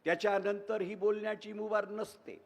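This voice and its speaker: A man's voice: high voice, level tone, racing, gravelly. A man in his seventies with an Indian English accent, giving a formal ceremonial address in an emphatic, oratorical way and piling up repeated phrases. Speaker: convocation speaker. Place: large convocation hall. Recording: echoey hall reverb.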